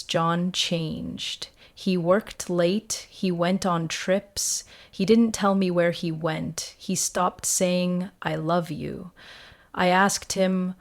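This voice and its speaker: Slow, gravelly woman narrating a story. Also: fairly low pitch. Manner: simple short sentences, calm and even.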